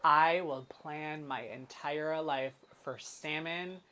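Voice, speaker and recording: A woman guide chatting casually, telling animated stories and acting out what people say. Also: sits low, slow, slight background noise. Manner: animated storytelling, acts out quotes. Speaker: human design guide. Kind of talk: casual chat.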